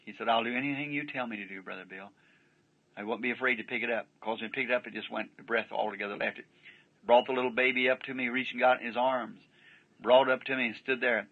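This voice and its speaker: A man's voice: mid-range voice, fairly even intonation, fast talker. A man preaching a sermon, telling a story in a folksy, rambling way and often breaking in with "see?". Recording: dull lo-fi archival sermon tape.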